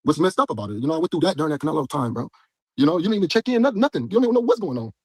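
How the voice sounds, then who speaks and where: A man, a boxer in an interview, venting about his coach in a heated, rapid way. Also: a little high, big pitch swings, a little mellow, no room sound. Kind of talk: interview clip.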